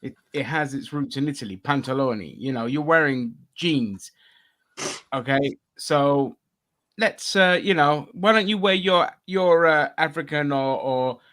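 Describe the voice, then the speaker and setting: A man's voice: fairly high pitch, measured pace, fairly bright tone. A man from Greece co-hosting a podcast, talking in blunt, sweary, dismissive casual banter. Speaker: podcast co-host.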